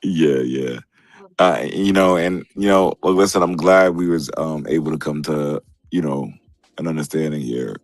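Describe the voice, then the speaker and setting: Male host, very low voice, dry close sound, moderating and defensive. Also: normal speed, dry recording. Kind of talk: casual group chat.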